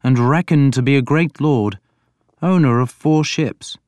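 A man voicing a mild but stern scholarly king in an audiobook, speaking in a measured way. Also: medium pitch, darkish tone, no room sound, pitched above the performer's own voice, natural voice. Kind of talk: audiobook character voice.

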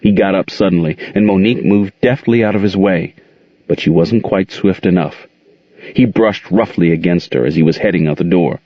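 Expressive male audiobook narrator, deep, dry, lo-fi recording. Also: normal speed, dry recording. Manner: expressive storytelling. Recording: dull, dry muffled audio.

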